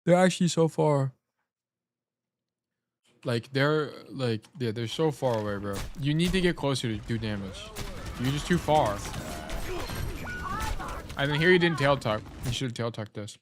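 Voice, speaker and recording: A man's voice: medium pitch, lively intonation, unhurried, pauses often. A man coaching a player through a casual gameplay review, blunt, swearing freely and often correcting himself while he eats. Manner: talks while eating. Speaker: game coach.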